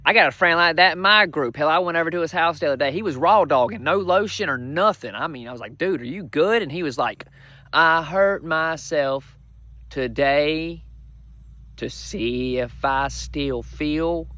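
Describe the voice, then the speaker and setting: A young man doing a crude, brash comedy monologue with loud punchlines. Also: fairly high pitch. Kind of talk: stand-up style comedy monologue.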